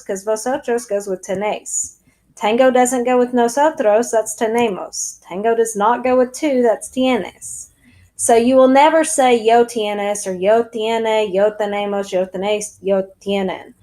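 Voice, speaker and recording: A woman with a fairly high voice teaches a recorded lesson. She speaks slowly and spells things out, direct and brisk in tone, with now and then a dry joke. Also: warm tone, low-quality recording. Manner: brisk, direct, lightly joking. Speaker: Spanish teacher.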